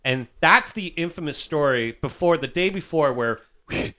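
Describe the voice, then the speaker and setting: A man in casual band chat, telling tour stories in an animated way, acting out quotes and swearing. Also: on the high side, moderate pace.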